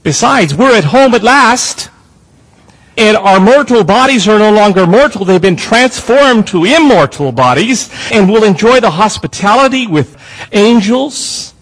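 A man's voice: high voice, lively intonation, measured pace, a bit bright, rough recording. A man preaching a sermon as pastor, with a prayer and emphatic questions to the congregation.

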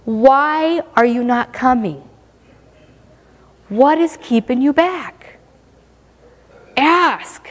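A woman's voice: high voice, lively intonation, extremely slow, long pauses. A woman preaching a sermon in a conversational, emphatic way, with playful asides. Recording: long reverb of a hall.

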